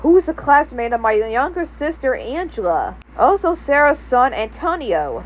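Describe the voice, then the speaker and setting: A woman's voice: sits high, a little hiss or hum. A woman narrating a homemade family story in long, rambling run-on sentences.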